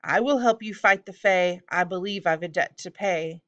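A woman voicing a small, solemn male brownie who speaks slowly in rhymes in a storybook reading. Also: on the low side, fairly bright tone, muffled recording, lightly acted. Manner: slow, measured rhyming speech.

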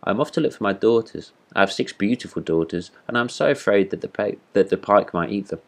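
A man's voice: lowish voice, lively intonation, fast talker, gravelly. A man doing a chatty, boastful storybook frog. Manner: talkative, cheerful, boastful. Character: chatty self-satisfied male frog.

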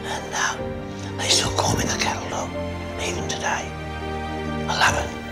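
An older Australian man, a former coach, telling a story in an archive interview clip with blunt glee. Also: normal speed. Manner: gleeful, blunt, gravelly storytelling. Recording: loud music under archive clip.

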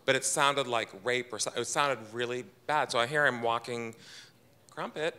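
Bright-voiced man telling a funny story. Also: mid-range voice, moderate pace, clean tone. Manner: chatty, self-deprecating, quotes people in his own voice. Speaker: storyteller at a live event. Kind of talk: personal story told to a live audience. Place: event room with audience.

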